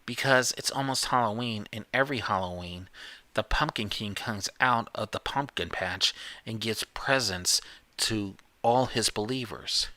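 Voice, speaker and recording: A man's voice: fairly low pitch, a little slow, bright, forceful tone, no room sound, voice pushed up. A man doing a stubborn young schoolboy. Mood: defiant.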